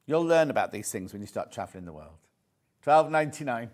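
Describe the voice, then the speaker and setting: British male shopping-channel host, lively banter, keeps repeating the price. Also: mid-range voice, a little fast, a little hiss or hum. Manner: chatty, jokey, repeats prices. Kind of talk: live TV sales pitch. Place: TV studio.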